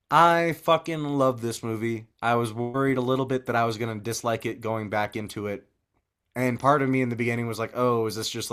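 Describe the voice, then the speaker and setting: A man's voice: mid-range voice, a bit bright. A man co-hosting a podcast, rambling and swearing a lot as he gushes over a film he loves. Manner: profane, gushing, rambling. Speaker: podcast co-host. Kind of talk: casual movie review chat.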